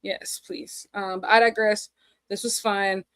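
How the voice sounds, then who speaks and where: A woman's voice: medium pitch, little pitch movement, a little slow, a bit bright, clean tone, dry recording. A woman in her forties co-hosting a casual chat, emotional and laughing often. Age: 40s. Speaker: podcast co-host.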